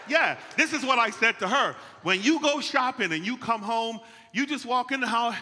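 A man's voice: very high voice, fairly quick, slight background noise. A man preaching a playful, conversational sermon, calling out to the congregation. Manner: animated, playful, calls out to the congregation. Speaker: pastor. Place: church sanctuary. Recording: long church hall reverb.

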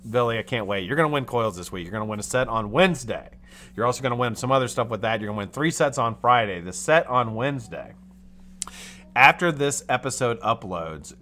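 An American man hosting a casual live stream, chatty and animated, greeting chat and swearing freely. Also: medium pitch. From United States. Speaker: livestream host.

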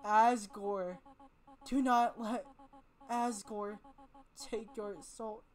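A woman reading aloud the lines of a gentle, motherly female goat monster, in a soft, slow, earnest way. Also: mid-range voice, fairly even intonation. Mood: tender pleading.

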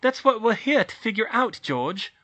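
A man voicing a bossy, clever teenage witch girl in an audiobook reading, insistent and brisk. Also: sits high, sing-song, sharp tone, muffled recording, voice pushed up, exaggerated voice. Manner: brisk, insistent, rises to shrieks. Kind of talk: audiobook reading of fan fiction.

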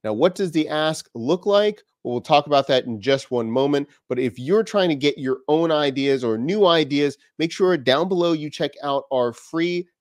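A man hosting his own channel, giving business advice straight to camera in an energetic way, asking one rhetorical question after another. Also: on the high side, moderate pace, few pauses, dry recording, studio quality. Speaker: business coach and channel host.

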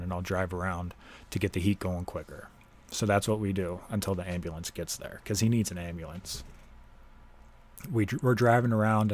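A young man from Ohio hosting a podcast, telling a personal story in a casual, halting way and swearing freely. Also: lowish voice, darkish tone. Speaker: podcast host.

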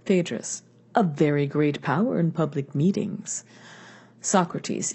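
A woman's voice: sits low, animated, slow pace, warm tone, slightly rough. A woman reading a philosophical dialogue aloud, naming each speaker before their lines. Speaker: audiobook reader.

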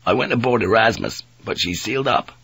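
A man voicing a steady ship's pilot who speaks in a kind, level, measured way. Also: on the low side, creaky, breathy edge, exaggerated voice.

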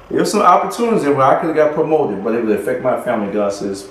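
A man's voice: mid-range voice, very fast, hardly any pauses, fairly bright tone, slight background noise. A man minister preaching a sermon with emphasis, repeating key phrases and chuckling between points. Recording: echoey room.

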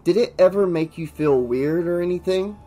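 A man's voice: high-pitched, normal speed, mellow, soft background music, voice pushed up, close to an everyday voice. A man doing a nervous, earnest young guy. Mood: anxious. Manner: earnest, worried, pleading.

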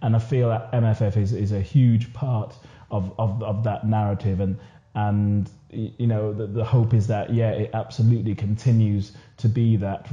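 A man's voice: on the low side, flat delivery, moderate pace, dark tone. A man in a casual podcast discussion, talking earnestly with many repeated words and restarts. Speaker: podcast guest. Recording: echoey room, dull lo-fi sound.

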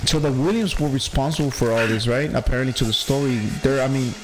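A man's voice: mid-range voice, quick pace, low-quality recording. A man with a heavy accent giving casual let's-play commentary as a gaming channel host, chatty and laughing at himself.

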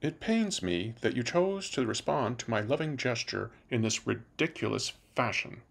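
A lofty, self-righteous partner sounds wounded and superior, as a man acts him out. His voice is gravelly and swoops up and down theatrically. It is played for laughs in a comic sketch. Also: medium pitch, lively intonation, normal speed. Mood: pompous. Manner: haughty, self-righteous, grandiose. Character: pompous offended partner, adult man.

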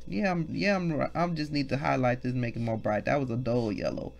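A woman's voice: a bass voice, steady tone, a little fast, vocal fry, darkish tone. A woman teaching a Bible devotional, exclaiming, repeating phrases and asking her listeners questions. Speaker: ministry leader teaching scripture.

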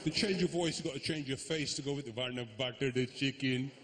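A man's voice: on the high side, fairly even intonation, fast talker. A man performing a stand-up comedy routine live on stage, crude and cheeky, who often slips into mock accents. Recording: echoey comedy venue with audience noise.

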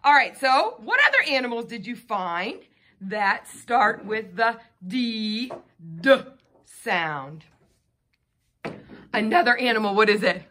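A woman's voice: on the high side, sing-song, takes it slowly, sharp tone, a little hiss or hum. A woman teacher giving a phonics lesson to a child, patiently sounding out letter sounds.

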